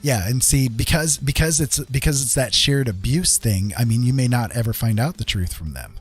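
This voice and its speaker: A man hosting a casual live-stream chat, earnest and reassuring, talking haltingly with many fillers and restarts. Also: medium pitch, expressive, husky, faint music behind. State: getting a little emotional.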